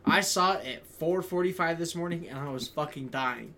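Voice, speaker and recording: A man's voice: on the high side, moderate pace, sharp tone, a little hiss or hum. A young man hosting a podcast, chatting crudely and ranting with lots of swearing. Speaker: podcast host. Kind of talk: casual chat.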